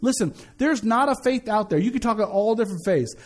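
A pastor preaching a sermon in a church, talking to the congregation in a loose, conversational way with joking asides. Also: male voice, high voice, lively intonation, fast. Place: church sanctuary.

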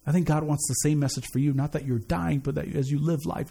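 A man's voice: on the high side, steady tone, fast talker, vocal fry, mellow, slightly rough. A man giving a conversational sermon as a pastor, earnest, repeating key phrases and often restarting his sentences. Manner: frequent stammered restarts.

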